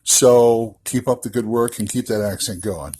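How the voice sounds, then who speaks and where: A man's voice: medium pitch, normal speed, a little mellow, slightly rough. A man, a fellow podcaster, leaving a playful, jokey voicemail call-in. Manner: jokey, playful, drops into whispers.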